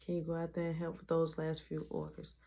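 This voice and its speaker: A woman retelling a story who voices her calm female shift manager, coaching her in a soothing but firm way. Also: deep voice, a little fast. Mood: gently coaching.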